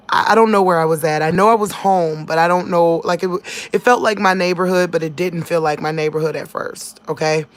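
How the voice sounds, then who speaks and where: Emotional woman telling her dream. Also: lowish voice. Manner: emotional, talks straight to viewers, animated. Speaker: vlogger sharing dreams. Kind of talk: casual storytelling to viewers.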